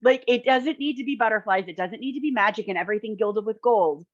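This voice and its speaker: A woman therapist and matchmaker talks bluntly and with animation in a casual panel chat. Her voice sits a little high. The video-call audio is dry and dull. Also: fast talker, no room sound. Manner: animated, blunt, acts out quotes.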